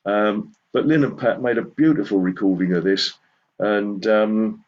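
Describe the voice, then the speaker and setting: A man at a folk song circle telling a rambling, self-deprecating story before singing a slow lullaby. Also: lowish voice. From southern England. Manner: rambling, self-deprecating anecdotes with soft chuckles. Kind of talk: chatty song introduction then sung lullaby. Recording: slightly dull lo-fi recording.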